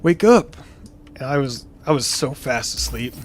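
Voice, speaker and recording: A man's voice: medium pitch, steady tone, normal speed, fairly bright tone, slight background noise. A young man streaming a game, telling a long story in a rambling, casual way with many fillers and restarts. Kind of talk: casual storytelling while gaming.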